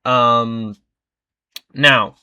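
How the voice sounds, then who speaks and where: A man's voice: medium pitch, steady tone, extremely slow, bright, forceful tone, clear, resonant tone, highs cut off. A young man from the United States co-hosting a podcast, chatting about politics in a rambling, profane way, full of ums. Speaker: podcast co-host. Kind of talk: casual political chat.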